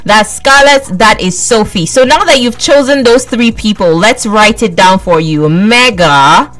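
A woman radio presenter, hosting a lively call-in giveaway in a playful, teasing way. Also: medium pitch, measured pace. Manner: playful, teasing, repeats herself.

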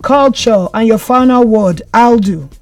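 A man's voice: extremely high pitch, unhurried, no room sound, faint music behind. A man hosting a breakfast radio word game, upbeat and teasing with callers. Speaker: radio host.

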